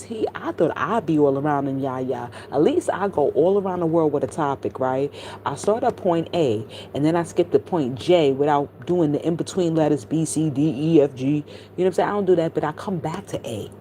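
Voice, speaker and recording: A woman's voice: deep voice, brisk, slight background noise. A woman in casual live-stream commentary, telling rambling stories to her chat with heavy profanity. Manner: profane, animated, rambling storytelling.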